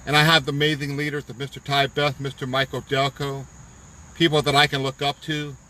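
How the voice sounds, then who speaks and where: A man's voice: mid-range voice, flat delivery, brisk, bright, forceful tone, slight background noise, low-quality recording. A man giving a fervent, preachy pep talk on a live stream from his parked car, repeating himself for emphasis. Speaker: business promoter on live stream. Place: parked car at a park outdoors.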